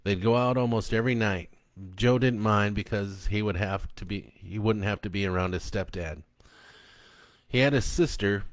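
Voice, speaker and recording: A man's voice: lowish voice, no echo, studio quality. A man, the author, reading his own book aloud after a casual, chatty introduction full of ums and uhs.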